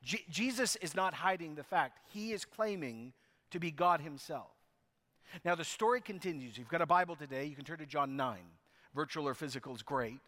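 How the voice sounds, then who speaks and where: A man's voice: on the high side, animated, moderate pace, sharp tone, in a large hall. A man preaching a sermon as pastor, telling the story emphatically with frequent restarts.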